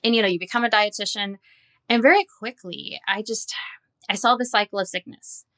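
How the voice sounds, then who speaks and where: A woman in her forties, a dietitian appearing as a guest, speaks fairly quickly in a medium-pitched, sharp-toned voice. Candid and earnest, she relates her personal story in an interview using quoted dialogue.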